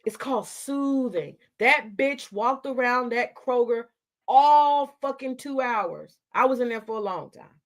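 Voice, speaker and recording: A woman's voice: fairly high pitch, lively intonation, measured pace. Blunt, profane woman ranting to her chat. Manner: confrontational, profane, addresses chat directly. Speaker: livestream host. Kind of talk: livestream rant to chat.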